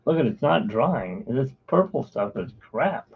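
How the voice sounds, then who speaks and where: Gravelly slow-talking man on a tinny stream. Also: medium pitch, big pitch swings. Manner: rambling, drifting between topics. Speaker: artist streaming live. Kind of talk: casual live-stream chat. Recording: tinny phone-like live-stream audio.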